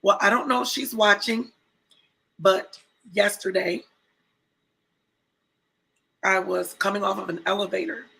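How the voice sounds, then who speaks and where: Raspy, bright-voiced woman telling a story. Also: medium pitch, unhurried, pauses often, rough recording. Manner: animated storyteller acting out quoted voices. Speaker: co-host. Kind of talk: casual storytelling chat.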